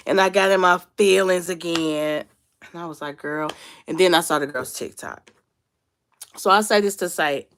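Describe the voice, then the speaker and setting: A young woman, sick and under the weather, chatting casually to her viewers and confiding, her voice rising and sinking with her feelings. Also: fairly low pitch. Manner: chatty, confiding, lively rises and sinks with feeling. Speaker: vlogger. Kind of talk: casual storytime chat.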